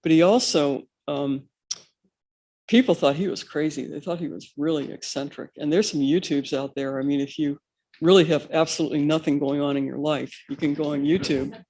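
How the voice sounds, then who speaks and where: A man's voice: a little high, fairly even intonation, moderate pace, darkish tone. A man on a panel, recounting institute history in a rambling, anecdotal way full of fillers.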